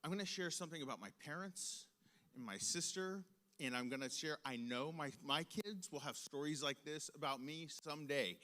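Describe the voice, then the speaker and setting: Animated high-voiced man in a hall. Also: normal speed. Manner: animated, acts out voices in his story. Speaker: speaker to students. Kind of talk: storytelling talk. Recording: long hall reverb.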